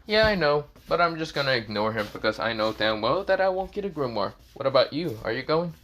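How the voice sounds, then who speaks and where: A man's voice: mid-range voice, big pitch swings, a little fast, fairly bright tone, pitched above the performer's own voice. A man voicing a cocky, carefree young man who talks brashly and dismissively.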